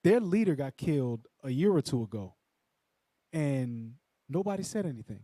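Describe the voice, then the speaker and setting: A man adding commentary in a preaching Bible lesson, animated and slangy. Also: mid-range voice, moderate pace, no room sound.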